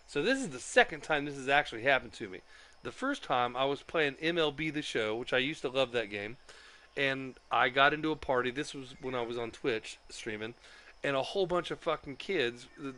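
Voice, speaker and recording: A man's voice: medium pitch, a little fast, pushed and bright. A man telling a story about getting banned from an online game, swearing constantly and complaining in an agitated way. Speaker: streamer. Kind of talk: profane ranting storytelling.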